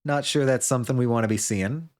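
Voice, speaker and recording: A man's voice: mid-range voice, fast talker. A man streaming a video game live, chatting casually, joking, laughing, and reading viewer messages aloud.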